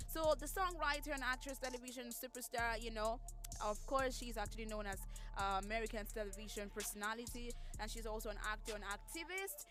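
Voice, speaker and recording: Woman, radio host, chatty entertainment gossip, higher voice, faint music bed. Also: brisk, sharp tone. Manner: chatty, reacts openly to the news. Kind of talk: casual entertainment news chat. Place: radio studio.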